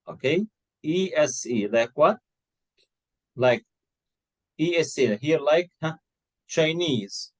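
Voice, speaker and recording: Male tutor, slow patient delivery, slightly high pitch, spells words aloud, dry close mic. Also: expressive, no echo, poor audio. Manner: patient, repeats words and spells them out letter by letter. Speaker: English tutor. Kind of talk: online one-to-one English lesson.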